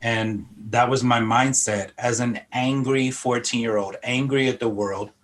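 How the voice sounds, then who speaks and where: A man's voice: mid-range voice, steady tone, unhurried. A middle-aged man from Philadelphia giving an earnest personal testimony in an interview, reflective and repeating words as he gathers his thoughts. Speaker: interview guest sharing testimony.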